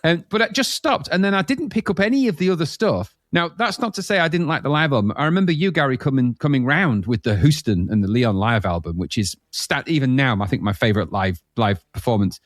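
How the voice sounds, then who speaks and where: A man chats on a podcast, his voice swinging up and down as he rattles along at speed. The sound is dry and close, with no room around it. He tells rambling, animated stories. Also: mid-range voice, a little fast, hardly any pauses, no echo. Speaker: podcast host. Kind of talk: casual chat.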